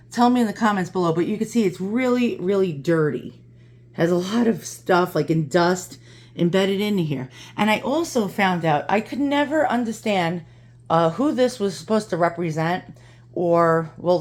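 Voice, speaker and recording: A woman's voice: fairly low pitch, normal speed, darkish tone. A woman vlogging in her home kitchen, out of breath and chatty, laughing often as she talks to the camera. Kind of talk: casual chat to camera.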